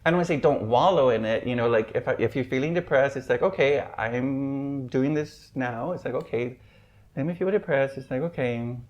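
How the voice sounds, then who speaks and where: A man's voice: mid-range voice, a little mellow. Rambling man with a muffled sound. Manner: rambling, fills every pause with "like". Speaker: podcast guest. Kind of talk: casual chat. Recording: muffled lo-fi podcast audio.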